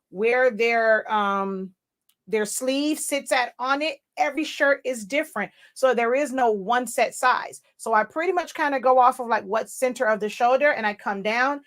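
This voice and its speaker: A woman's voice: fairly high pitch, fairly bright tone. A woman hosting a casual live Q&A tutorial, talking loosely to viewers with many fillers and asides. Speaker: livestream host teaching crafting software.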